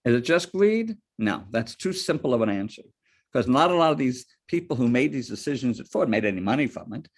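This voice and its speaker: With a medium-pitched voice and a fairly quick pace, this man addresses board members about ethics. Personal anecdotes and rhetorical questions drive his animated, story-filled delivery.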